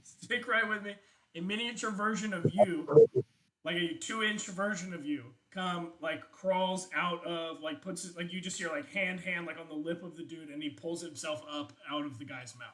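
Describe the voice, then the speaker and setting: A man's voice: on the high side, steady tone, normal speed, hardly any pauses, sharp tone. A man narrating as game master of a tabletop game, chatty, with many fillers and laughs.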